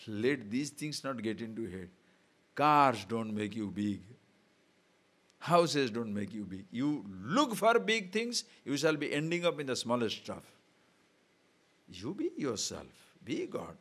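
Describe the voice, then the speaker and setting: A man giving a spiritual discourse, often putting rhetorical questions to his listeners. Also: a little high. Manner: animated, rhetorical questions to the audience. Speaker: spiritual teacher. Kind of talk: discourse on scripture.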